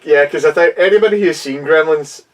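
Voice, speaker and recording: A man's voice: fairly high pitch, brisk, far from the mic. A young man co-hosting a podcast, adding brief chuckling remarks in casual chat. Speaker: podcast co-host.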